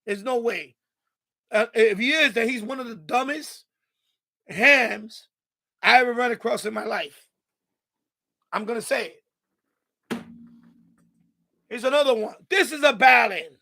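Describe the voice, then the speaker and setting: A man's voice: very high-pitched, measured pace, gravelly, pauses often, pushed and bright. A man hosting an amateur radio livestream, in an angry, profane, repetitive rant. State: mad. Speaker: ham radio livestream host.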